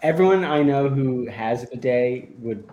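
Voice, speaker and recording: A man's voice: mid-range voice, expressive, normal speed, warm tone, muffled recording. A man appearing as a guest on a radio show, chatty and often laughing as he talks through news stories. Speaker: guest editor. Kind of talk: casual radio chat.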